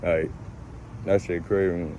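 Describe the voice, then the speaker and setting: A man's voice: low-pitched, level tone, slow pace, warm tone, a little hiss or hum. A man telling a casual story about his own life, slangy and profane, acting out his own reactions. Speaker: storyteller vlogger.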